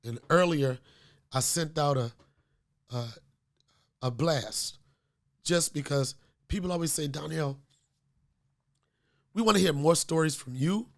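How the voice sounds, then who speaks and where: A man's voice: fairly high pitch, measured pace, creaky, pauses often. A man hosting a comedy podcast, getting over a cold, talking in a loose, profane, storytelling way with lots of fillers. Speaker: podcast host. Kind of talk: casual comedic podcast chat.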